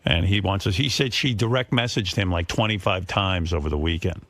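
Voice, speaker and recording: A man's voice: deep voice, a little fast, a bit bright, dry recording. A man hosting a talk radio show, blunt and dryly needling. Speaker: radio host. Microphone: studio microphone.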